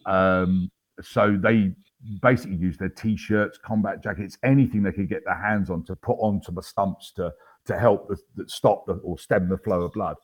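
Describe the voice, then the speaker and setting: A man in his fifties speaks in a somewhat low voice. He tells his story in a casual, unpolished way, full of ums and restarts, with an understated, wry humour. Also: fairly even intonation, moderate pace. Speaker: interview guest, army veteran.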